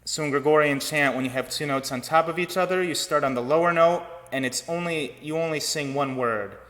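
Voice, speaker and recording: A man giving an online choir lesson, explaining breath and vowel shape in a relaxed teaching manner. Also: a little high, brisk, long reverb tail. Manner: relaxed teaching talk with sung demonstrations. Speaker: choir director. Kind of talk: online vocal technique lesson.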